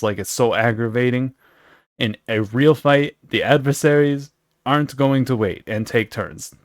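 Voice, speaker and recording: A man's voice: mid-range voice, dry recording, studio quality. A young man making a comedic recap, sarcastic and profane, who keeps drifting into rambling asides. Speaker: video creator.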